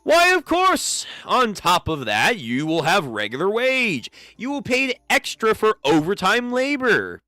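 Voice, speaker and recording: Casting: a man doing a smug young noble lord for a comic read, slow and grandly gracious, bright voice with a lively lilt. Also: high-pitched, no room sound, faint music behind, pitched above the performer's own voice, heavily acted. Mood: salesy.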